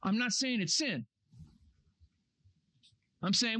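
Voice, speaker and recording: A man preaching a sermon to young campers, earnest and animated, acting out excuses in a raised voice. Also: high-pitched, normal speed. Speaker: camp speaker. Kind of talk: youth camp sermon. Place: camp meeting room.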